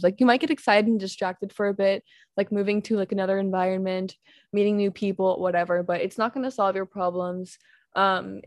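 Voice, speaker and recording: A woman's voice: medium pitch, a little mellow, no room sound, studio quality. A young woman co-hosting a casual podcast, chatting in a giggly way and leaning heavily on "like". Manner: chatty, giggly, heavy use of "like". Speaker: podcast co-host. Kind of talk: casual chat.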